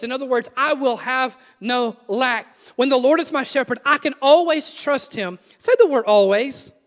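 An earnest middle-aged man delivers a sermon, pressing his listeners with direct questions. His voice sits very high for a man. It rings out with a long echo through a church hall. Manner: earnest, emphatic preaching with rhetorical questions. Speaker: pastor. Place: church sanctuary.

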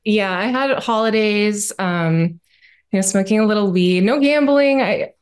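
A woman calling in to a podcast, chatting in a cheerful, relaxed way. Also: mid-range voice, unhurried, clean tone. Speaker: caller. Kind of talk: casual chat.

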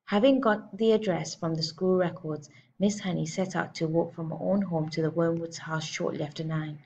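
A woman teacher reading a children's novel aloud with clear, expressive narration. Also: fairly low pitch, moderate pace, highs cut off, a little hiss or hum. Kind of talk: storybook read-aloud.

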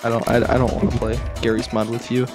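A young man hosting a gaming video, teasing and joking, bursting into high screams when chased. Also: completely flat delivery, quick pace, over music. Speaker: gaming channel host. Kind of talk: playful Let's Play banter.

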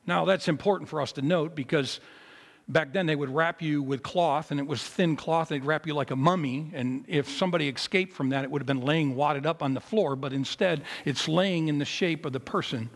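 A pastor giving a sermon at a memorial service in a chapel, telling a story with big swings between loud, high moments and low, quiet ones. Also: male voice, brisk, creaky, in a large hall. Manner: animated storytelling with big swings in pitch and loudness.

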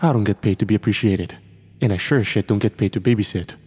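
Gruff burly foreman, curt and firm, low husky voice, played by a man. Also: fast talker, darkish tone, big-room sound, faint music behind.

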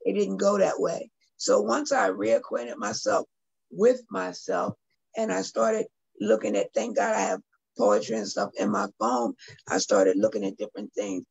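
A woman's voice: mid-range voice, expressive, measured pace, gravelly, darkish tone, husky, dull audio. A middle-aged woman, a guest artist and poet, earnestly telling a personal story on a video call and speaking directly to her listeners.

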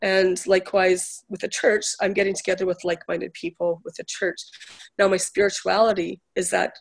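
A woman's voice: medium pitch, little pitch movement, moderate pace, gravelly. A woman guest, a spiritual healer, chatting casually in a talk show and retelling a conversation in a storytelling way. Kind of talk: casual chat.

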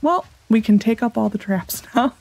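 A woman hosting a let's play, chatting casually and thinking aloud as she corrects herself, recorded on a desk microphone set a little loud. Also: a little high, lively intonation, moderate pace, creaky, no echo. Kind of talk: casual gameplay commentary.

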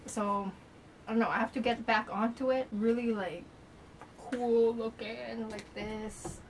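A woman's voice: on the high side, fairly even intonation, a little slow, slight background noise, poor audio. Young woman gushing through an unboxing. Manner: gushing, breathless, lots of "like" and "oh my god". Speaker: YouTuber. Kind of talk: excited unboxing vlog.

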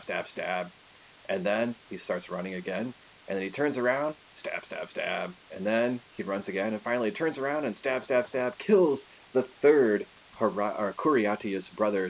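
A man recounts history in a relaxed lecture style, chatty and animated, with plenty of asides. His voice is mid-pitched, and a faint hiss runs underneath the recording. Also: low-quality recording. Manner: lively, conversational, with many fillers and asides. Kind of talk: casual storytelling lecture.

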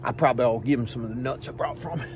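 A man hosting a comic vlog outdoors, talking in a folksy, hushed, deadpan way and tagging phrases with "okay?". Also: mid-range voice, rapid-fire, a little hiss or hum. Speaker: vlog host playing a self-styled squirrel expert. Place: outdoors under a tree on a farm. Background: faint crickets and insects.

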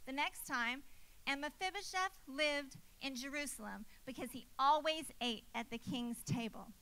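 Young female preacher, emphatic sermon delivery, bright high voice. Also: moderate pace, rough recording. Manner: emphatic, repeats phrases for effect.

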